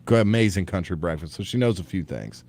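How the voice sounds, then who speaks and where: A man with a lowish voice co-hosts a casual morning show in a radio studio. He jokes constantly and gets animated as he talks. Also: vocal fry. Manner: animated, quick to laugh, jokey.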